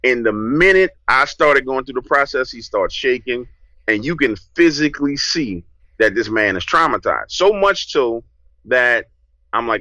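New guy telling a story on a podcast, bright forceful voice, dry sound, acts out his own lines. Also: mid-range voice, animated, unhurried, no echo, low-quality recording. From New Orleans, USA. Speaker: podcast guest. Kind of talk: casual storytelling.

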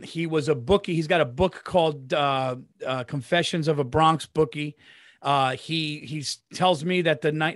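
A man hosting a podcast, telling an excited story in casual chat, saying "dude" and restarting sentences. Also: on the high side, dry recording, clean studio sound. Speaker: podcast host.

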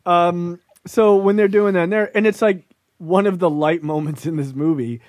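A man's voice: high-pitched, steady tone, normal speed, a little mellow, no echo, studio quality. A man co-hosting a podcast, chatting casually about a film, loose and profane, laughing often. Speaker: podcast co-host.

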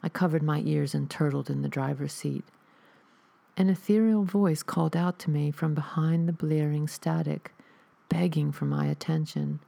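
Female horror narrator, dark mellow tone, steady reading. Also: sits low, normal speed, vocal fry. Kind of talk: scripted horror story narration.

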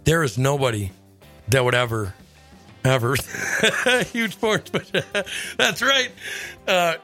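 A man hosting a radio show, telling stories in a lively casual chat and laughing often. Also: medium pitch. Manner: animated storyteller, laughs often. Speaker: radio host.

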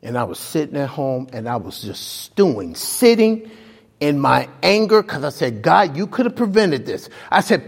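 A man preaching a sermon, telling a story with animated swings from loud highs to hushed lows. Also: measured pace, vocal fry, slightly rough. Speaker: pastor. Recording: long hall reverb.

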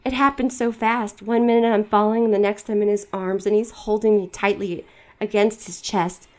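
A woman's voice: medium pitch, steady tone, moderate pace, a little mellow. A woman hosting a podcast, reading fan fiction aloud in a dramatic voice and breaking off for wry, mocking asides. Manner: wry, mocking asides between read passages. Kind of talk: dramatic reading with sarcastic commentary.

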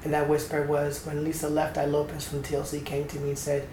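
A middle-aged man from Atlanta, Georgia, a choreographer and dancer telling his story in an interview, animated, acting out the voices he quotes. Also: on the high side, brisk, few pauses. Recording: echoey room with faint background noise.

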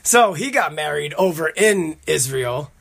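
A man's voice: a little high, expressive, a little slow, creaky, fairly bright tone. A man hosting a podcast, telling rambling, profane stories in casual chat. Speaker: podcast host.

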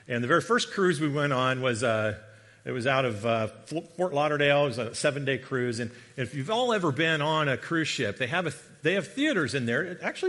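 A middle-aged man, a guest preacher, giving a sermon with a humorous personal story, animated and joking as he tells it. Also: mid-range voice. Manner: animated storyteller, jokey asides. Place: church sanctuary. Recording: long reverb of a large hall.

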